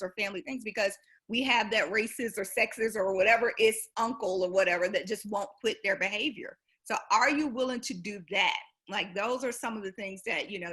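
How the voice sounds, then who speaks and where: A woman's voice: on the high side, sharp tone, slightly rough. A woman guest speaker in a fireside chat over a video call, talking in an earnest, conversational way. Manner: earnest, conversational, lots of "you know".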